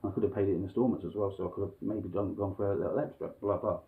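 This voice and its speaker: A man's voice: low voice, fairly even intonation, very fast. A man telling a frustrated story to his viewers in blunt, sweary casual talk with chuckles, recorded at home. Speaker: vlogger. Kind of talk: casual ranting monologue. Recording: phone-like lo-fi sound.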